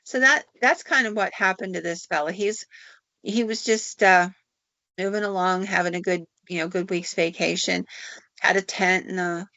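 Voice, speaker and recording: A woman's voice: mid-range voice, fairly even intonation, normal speed, pushed and bright, dry recording. A woman podcast host narrating a folk tale in a folksy, drawling way with casual fillers. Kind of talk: storytelling narration. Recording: dull, dry recording.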